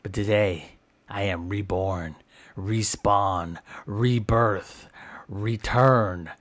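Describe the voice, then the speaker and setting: A man's voice: lowish voice, fairly even intonation, very slow. A man giving goofy in-character game commentary, playful and melodramatic, boasting and groaning in mock pain. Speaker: gameplay commentator.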